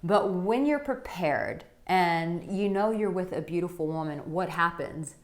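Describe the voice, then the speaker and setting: Woman dating coach, lower voice, chatty, animated storytelling, talking to camera. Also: unhurried. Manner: chatty and animated, tells personal stories. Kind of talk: direct-to-camera advice vlog.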